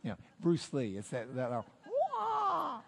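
A male pastor preaches from the pulpit with a slightly high voice and an animated storytelling manner. He acts out the quotes as he goes. The recording carries the long reverb of a large church sanctuary. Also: a little slow, very noisy. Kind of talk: sermon.

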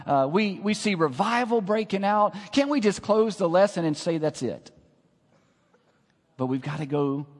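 Passionate preacher man, booming hall. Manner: dramatic, swings from hushed to loud, calls the congregation to repeat. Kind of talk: sermon.

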